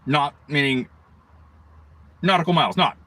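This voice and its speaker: A man's voice: a little high, unhurried, pushed and bright. A middle-aged man from the United States hosting a livestream, ranting in a rambling, profane way, swearing heavily and jumping between tangents. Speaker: livestream host.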